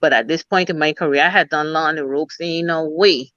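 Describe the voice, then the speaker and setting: A woman's voice: low-pitched, steady tone, brisk, fairly bright tone, no echo. Emphatic Virgin Islands woman, dull call audio. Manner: emphatic, repeats "you know" and "you understand". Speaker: guest, military officer. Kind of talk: casual interview storytelling.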